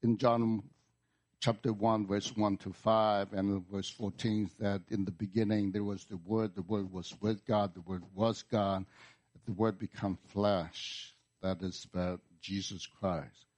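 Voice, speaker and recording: Slow, deliberate male preacher. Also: lowish voice, level tone, a little mellow. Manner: slow, deliberate preaching with repeated words and emphatic restarts. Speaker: pastor. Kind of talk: sermon. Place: church.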